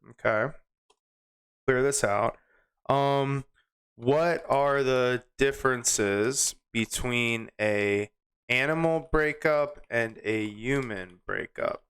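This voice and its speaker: Young male comedy host, smooth clear voice, dry chuckling commentary. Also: medium pitch, a bit bright. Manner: chuckling, wry, reads text aloud quickly. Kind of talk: casual commentary while reading chatbot output.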